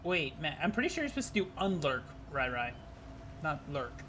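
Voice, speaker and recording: A man's voice: on the high side, big pitch swings, moderate pace, sharp tone, slight background noise. A man streaming a game live, chatting casually with his viewers, rambling and swearing freely.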